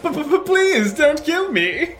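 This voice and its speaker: A terrified, stammering executive who begs in a shrill falsetto, put on by a man. The voice leaps around in pitch as he pleads. Quiet music plays underneath. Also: sing-song, takes it slowly, full character voice. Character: panicky cowardly male company executive.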